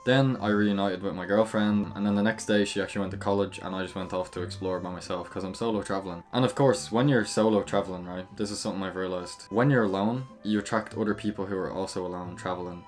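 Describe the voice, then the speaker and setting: A man's voice: sits low, fairly even intonation, quick pace, few pauses, soft background music. A young Irish man from Dublin telling a rambling, chatty travel story to camera, full of "like" and "you know". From Dublin, Ireland. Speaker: travel vlogger.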